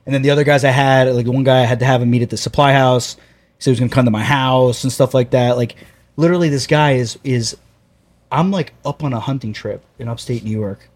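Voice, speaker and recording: A man's voice: medium pitch, fairly even intonation, quick pace. A man guest on a podcast, chatting casually and telling rambling stories full of filler words. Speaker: guest, plumbing contractor.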